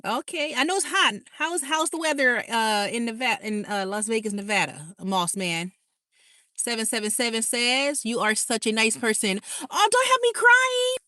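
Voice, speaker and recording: A woman's voice: a little high, normal speed, sharp tone, no echo, clean studio sound. A woman hosting a casual livestream, reading out viewer comments in a bubbly, chatty way and laughing often. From California. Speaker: livestream host.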